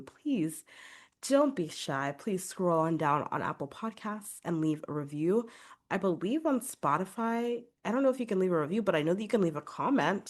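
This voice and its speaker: A young woman hosting her singing podcast, chatty and upbeat, a little congested from a cold. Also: low-pitched. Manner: chatty, upbeat, many filler "like"s. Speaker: podcast host and vocal coach. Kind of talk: casual solo podcast talk.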